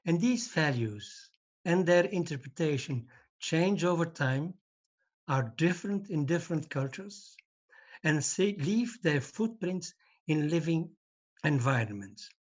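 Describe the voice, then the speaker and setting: An older man giving a formal conference talk over a video call, speaking in a measured, deliberate way. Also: a little high, lively intonation. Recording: dull lo-fi video call audio.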